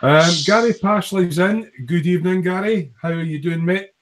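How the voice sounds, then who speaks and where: A man's voice: high-pitched, normal speed. A man casually hosting a workshop live stream, rambling and friendly with lots of fillers, talking into a laptop mic. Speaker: livestream host, hobby model maker. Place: home workshop at his bench. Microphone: laptop built-in mic.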